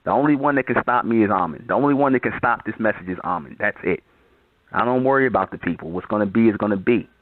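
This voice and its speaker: A man hosting a call-in channel lectures a caller bluntly and profanely, repeating his points. His voice is fairly low and fast, and the sound is tinny, like a phone.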